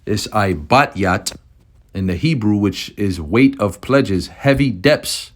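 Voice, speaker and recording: A man's voice: lowish voice, animated, slow pace. A man preaching on scripture in a heated, profane way, often ending phrases with "man". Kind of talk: fiery scripture study talk.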